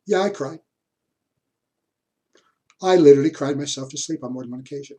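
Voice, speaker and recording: A man's voice: on the high side, a little fast, long pauses, dark tone. An older man lecturing on history, telling a reflective personal story and repeating words as he searches for them.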